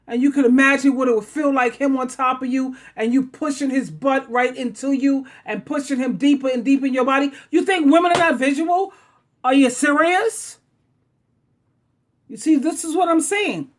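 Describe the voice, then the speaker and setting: Blunt, sassy high-voiced woman host. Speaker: talk show host. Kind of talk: casual relationship talk.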